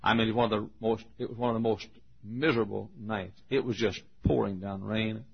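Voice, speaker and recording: An older man preaching a sermon, telling a story and acting out the voices, shouting at the high points. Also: fairly quick, gravelly, breathy edge. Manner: animated, acts out voices, shouts at peaks. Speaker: pastor. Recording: muffled lo-fi recording.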